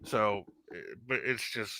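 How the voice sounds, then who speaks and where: A man co-hosting a casual postgame livestream, talking fast and loose with lots of swearing and laughter. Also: on the low side, dry recording. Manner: animated, swearing, laughing, mimicking people. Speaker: livestream co-host.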